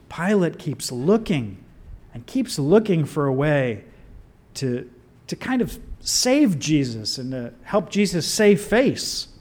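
A man preaching a sermon in an animated, conversational way with wry asides. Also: high voice.

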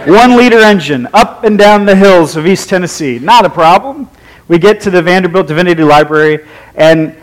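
Male preacher, higher than usual pitch, wry humorous storyteller, conversational sermon delivery. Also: low-quality recording.

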